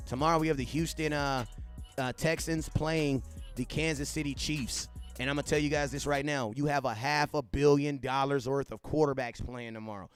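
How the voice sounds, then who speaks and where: A man hosting a casual sports livestream, talking animatedly, repeating himself and giving shout-outs to viewers. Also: fairly high pitch, clean tone, no echo, studio quality. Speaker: livestream host.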